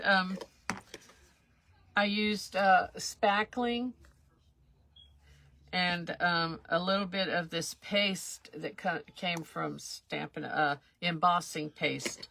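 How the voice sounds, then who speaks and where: Low gravelly woman, slow and chatty. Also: a bit bright, a little hiss or hum. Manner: chatty, rambling, self-deprecating. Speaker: craft livestream host. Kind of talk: casual live craft demonstration.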